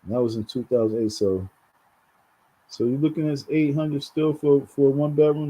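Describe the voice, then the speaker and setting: A man's voice: medium pitch, steady tone, moderate pace, dark tone, slightly rough, low-quality recording. A man from New York talking straight to his viewers in a rambling commentary, often repeating words and calling them folks. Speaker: vlogger. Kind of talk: casual commentary monologue.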